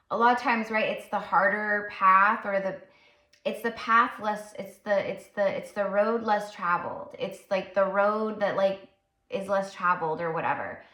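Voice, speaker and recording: A woman's voice: mid-range voice, sharp tone. A woman psychic tarot reader talking casually while channeling, rambling and full of fillers. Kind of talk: casual spiritual channeling talk. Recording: roomy echo.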